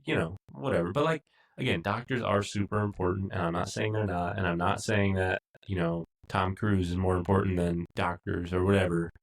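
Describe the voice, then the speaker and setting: A man co-hosting a podcast who recaps and reviews a TV episode in casual, rambling chat full of fillers. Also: low voice. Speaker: podcast co-host.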